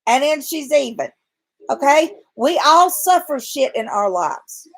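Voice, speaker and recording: Woman vlogging from bed, blunt sweary rant, kinda high voice. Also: lively intonation, measured pace, rough recording. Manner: blunt, profane, exasperated ranting. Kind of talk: ranting vlog to camera. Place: at home in bed.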